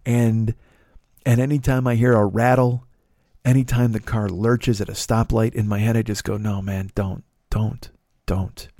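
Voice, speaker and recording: Middle-aged man, comedian, casual storytelling, rambling, profane, mellow dark tone, dry sound. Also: mid-range voice, little pitch movement, normal speed, no room sound. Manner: rambling, profane, self-interrupting with repeated words. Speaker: comedian and podcast host.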